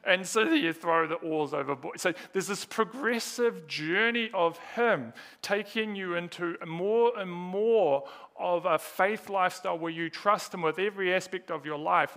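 Gravelly, bright-voiced male preacher. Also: high-pitched. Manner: earnest, rhetorical questions, emphatic repetition. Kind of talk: sermon.

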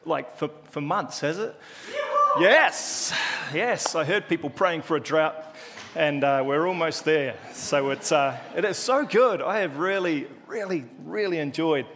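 Kiwi guy preaching, chatty and jokey, bit higher voice, echoey church hall. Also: moderate pace, a bit bright, slight background noise. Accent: New Zealand. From New Zealand. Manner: chatty, joking, self-deprecating. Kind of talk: casual sermon.

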